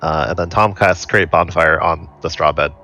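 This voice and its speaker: A man plays in a tabletop game, calling out his moves casually with fillers and short laughs. His voice sits very low yet sounds bright and forceful. Faint music runs underneath. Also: fairly even intonation, moderate pace. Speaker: player.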